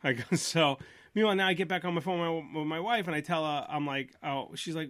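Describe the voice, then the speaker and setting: A man's voice: fairly high pitch, quick pace, a bit bright, no room sound, studio quality. A man hosting a podcast, telling a long story in casual chat and acting out both sides of phone calls. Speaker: podcast host.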